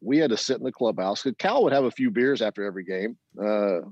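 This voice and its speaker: Talking fast in a fairly low voice, this middle-aged ex-ballplayer is a guest spinning interview stories. He brings quoted voices to life and laughs frequently, and the echo-free audio has its highs cut off.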